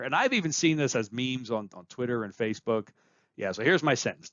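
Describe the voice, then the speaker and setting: A man's voice: medium pitch, a bit bright, no echo, muffled recording. A man giving a recorded course lecture, explaining points plainly and repeating key phrases for emphasis.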